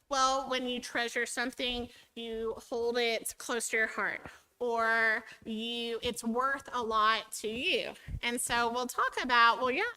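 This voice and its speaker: Bright clear lady teacher chatting thru a training talk, kinda high voice. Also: poor audio. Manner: chatty, acts out students' voices.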